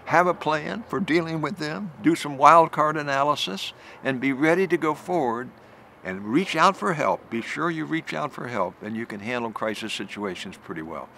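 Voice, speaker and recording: Gravelly yet bright, an older man who served as a general tells a vivid story in a recorded talk, restarting phrases and rising in pitch when things get tense. He is expressive and forceful at a moderate pace, with slight background noise.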